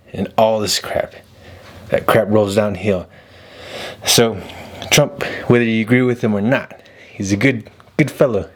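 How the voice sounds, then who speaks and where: A man hosting a casual commentary vlog, talking bluntly and rambling, repeating himself. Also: fairly low pitch. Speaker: video host.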